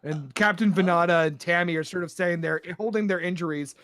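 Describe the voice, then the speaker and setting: A man's voice: high-pitched, fairly even intonation, quick pace, fairly bright tone, no echo. A man narrating a tabletop game as game master, loose and full of fillers.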